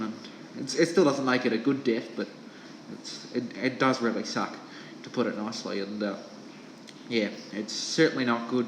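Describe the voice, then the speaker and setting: An Australian man talking earnestly and haltingly on an amateur radio net. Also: mid-range voice, slight background noise. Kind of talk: casual amateur radio chat. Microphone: ham radio transceiver mic. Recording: echoey radio transmission.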